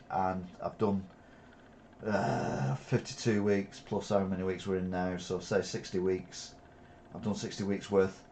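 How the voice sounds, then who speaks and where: A man reads news headlines and adds sarcastic, opinionated comments, pausing often with "uh". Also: on the low side, darkish tone. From England. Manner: sarcastic asides, frequent "uh" hesitations.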